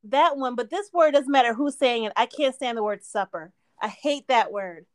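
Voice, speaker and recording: A woman with a high, bright voice chats casually with her co-host. She laughs a lot and teases playfully. The recording is close and dry, with no room sound. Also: moderate pace, no echo. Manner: laughs often, playful teasing. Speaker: podcast co-host. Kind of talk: casual chat.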